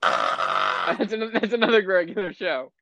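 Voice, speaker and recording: A man's voice: high voice, huge pitch swings, unhurried, vocal fry, sharp tone. A young man chatting casually as a podcast co-host, rambling and stammering, laughing often. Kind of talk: casual chat. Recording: slightly muffled lo-fi audio.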